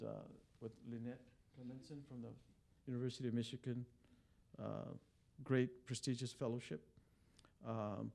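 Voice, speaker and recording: Gravelly-voiced male attorney briefing reporters. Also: medium pitch, a little mellow. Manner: conversational storytelling with many fillers and restarts. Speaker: immigration attorney. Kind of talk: press briefing talk. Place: press club briefing room.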